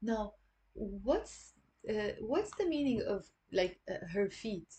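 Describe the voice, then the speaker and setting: A woman with a Lebanese accent giving an online language lesson, patiently repeating words slowly for learners. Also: medium pitch, sing-song, mellow. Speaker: Arabic dialect teacher.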